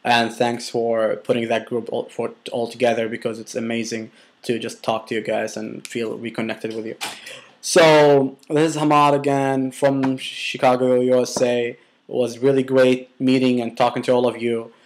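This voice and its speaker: A man's voice: medium pitch, level tone, normal speed, slight background noise. A young man casually telling a personal story, rambling with many restarts and filler words, and swearing bluntly.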